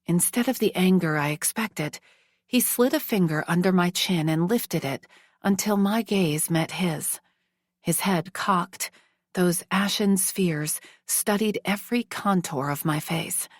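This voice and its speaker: A woman narrating a first-person romance audiobook in a slow, hushed, measured reading. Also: on the low side, no echo, clean studio sound.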